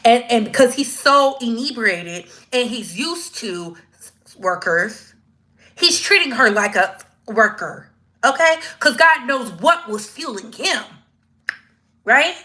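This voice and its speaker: A woman speaks slowly in a voice on the high side, giving casual live-stream commentary. She's slangy and animated, acting out the voices she quotes.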